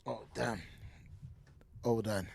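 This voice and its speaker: A man co-hosting a casual sports podcast over a remote call, animated and full of restarts. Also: fairly low pitch, slow pace, vocal fry, breathy edge, no echo. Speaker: podcast co-host. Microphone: remote call mic.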